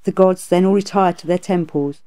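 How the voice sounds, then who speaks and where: A woman narrating a classic tale as an audiobook reader, in a steady, even reading. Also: lowish voice, normal speed. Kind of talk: scripted storybook narration.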